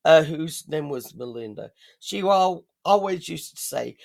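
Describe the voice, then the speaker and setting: A woman co-hosting a show in casual chat, animated and blunt, swearing freely while she complains. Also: low-pitched, measured pace, creaky. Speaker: podcast co-host.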